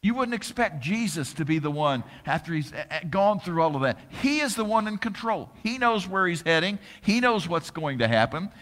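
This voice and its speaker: Lively preacher in a reverberant hall. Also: male voice, sits high. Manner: dramatic, drawn-out emphasis, rhetorical questions. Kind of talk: sermon with scripture reading.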